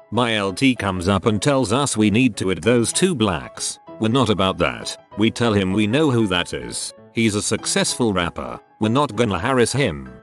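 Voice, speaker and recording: A man reading online stories aloud as scripted narration at a steady, even pace. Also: fairly low pitch. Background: faint background music.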